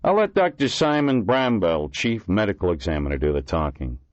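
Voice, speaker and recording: A man's voice: low voice, sing-song, moderate pace, no room sound. A man voicing an irritable, blunt male police lieutenant in an audiobook reading. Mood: impatient. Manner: gruff, blunt. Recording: dull lo-fi dry recording.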